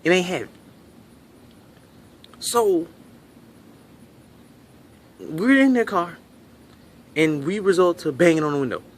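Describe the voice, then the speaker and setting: A man telling a comedic story in an animated, profane way. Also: fairly high pitch, takes it slowly, pauses often, slight background noise.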